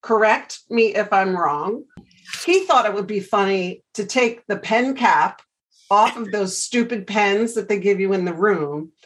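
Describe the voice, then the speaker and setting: A middle-aged woman hosting an interview podcast, telling animated stories in a chatty, casual way. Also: medium pitch, a little slow, rough recording. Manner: chatty storyteller, animated anecdotes. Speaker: podcast host.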